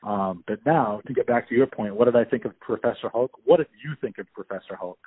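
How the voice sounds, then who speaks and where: A man's voice: medium pitch, fairly quick, husky, no echo. A man in casual talk about a movie, enthusiastic and rambling, with many fillers and restarts. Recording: tinny phone-like audio.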